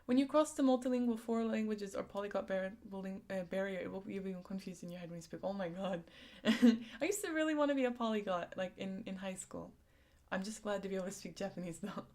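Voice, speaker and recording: A woman's voice: mid-range voice, fast, a little mellow. A young woman hosting a casual live stream, chatting and giggling as she answers viewers' comments with lots of "like" and "um". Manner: giggly, chatty, frequent likes and ums.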